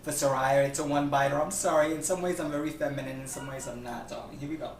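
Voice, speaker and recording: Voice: mid-range voice, fairly even intonation, fast talker. A flamboyant, campy cooking show host from Puerto Rico who chats casually through a home demonstration and keeps calling the viewers darling and honey. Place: home kitchen. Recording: echoey room from far off with faint noise.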